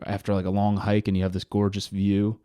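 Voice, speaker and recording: A man's voice: fairly low pitch, monotone, fairly quick, dark tone, clear, resonant tone, no room sound, clean studio sound. A young man co-hosting a podcast, reflective and searching for words, with many fillers. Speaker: podcast co-host. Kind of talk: casual chat.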